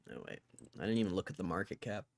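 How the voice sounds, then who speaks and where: A man's voice: fairly low pitch, vocal fry, no room sound. A man livestreaming stock market commentary, thinking aloud in a casual way and swearing freely as he mock-rants. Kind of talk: casual live-stream commentary.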